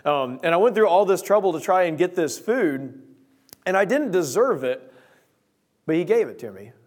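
A young man preaching, opening his sermon with a lively personal story and acting out his own lines. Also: high-pitched, moderate pace. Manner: storytelling, animated quoting of himself.

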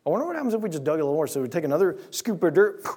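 A young man preaching a sermon, telling a story in an animated way and acting out voices and sound effects. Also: on the high side, rapid-fire, husky.

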